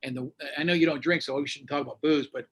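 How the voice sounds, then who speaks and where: A U.S. radio host in Florida talks fast in a slightly high, husky voice. During a casual conversation he tells a story animatedly, acting out the quoted voices.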